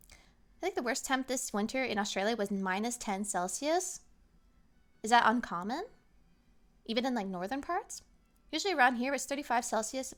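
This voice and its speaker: Here a young woman streamer, voice slightly high, hangs out with her chat in a relaxed, lively way. Every so often she acts out the things people say.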